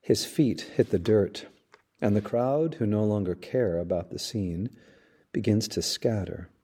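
A priest hosting a podcast, giving a measured sermon-style reflection with dramatic storytelling. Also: male voice, lowish voice, mellow, slightly rough.

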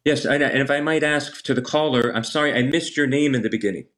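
Man, priest, gentle, reassuring, careful. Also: medium pitch, fast. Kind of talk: call-in radio conversation.

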